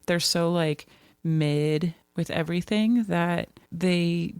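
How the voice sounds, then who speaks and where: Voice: mid-range voice, creaky, no echo. A podcast co-host talking through a novel in a casual, rambling way, with many restarts. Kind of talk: casual book discussion.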